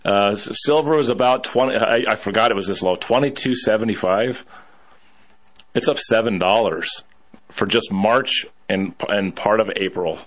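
A man's voice: fairly low pitch, moderate pace. A man co-hosting a markets talk show, rambling and repeating himself as he talks. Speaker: co-host. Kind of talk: market commentary chat.

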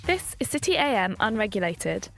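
A woman's voice: medium pitch, big pitch swings, normal speed, creaky, music in the background. A woman hosting a podcast in a chatty, upbeat manner. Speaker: podcast host.

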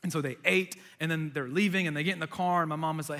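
High, bright-voiced preacher. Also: male voice, quick pace. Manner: animated storytelling, acting out voices. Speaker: pastor. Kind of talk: sermon.

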